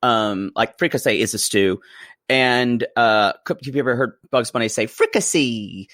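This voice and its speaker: A man's voice: medium pitch, normal speed, a bit bright, no echo, studio quality. A man co-hosting a podcast, chatting playfully and gossipily while recapping a reality show. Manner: playful, gossipy, laughs often. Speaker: podcast co-host. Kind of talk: casual chat recapping a TV show.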